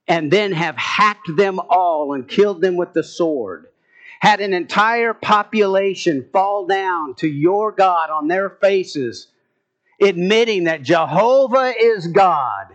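A man's voice: on the high side, fairly bright tone. A man preaching a sermon, building to emphatic bursts as he retells scripture stories. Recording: muffled, dull lo-fi sound.

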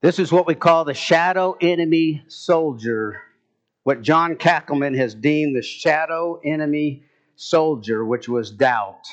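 A man's voice: a little high, measured pace. A man preaching a sermon, building to emphatic bursts as he retells scripture stories. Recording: muffled, dull lo-fi sound.

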